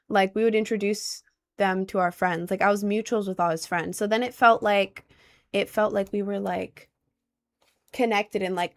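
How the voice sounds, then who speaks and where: Young woman just chatting on stream, lots of likes and ums, super casual and rambly. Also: mid-range voice. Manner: rambling, heavy use of "like" and "um". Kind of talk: casual chat, answering viewer questions.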